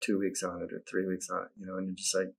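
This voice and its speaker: A man chatting as a guest, relaxed and soft-spoken, his sentences trailing off quietly. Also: sits low, fast, gravelly, a crowd in the background. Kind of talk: casual chat.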